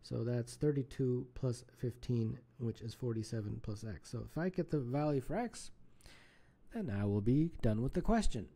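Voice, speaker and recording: A man tutors math in a casual, thinking-aloud manner, correcting himself with a small laugh. His voice is deeply mellow and dark, at an ordinary middle pitch. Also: expressive, normal speed, breathy edge. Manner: casual, self-correcting, chuckles at slips. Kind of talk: solving contest problems aloud.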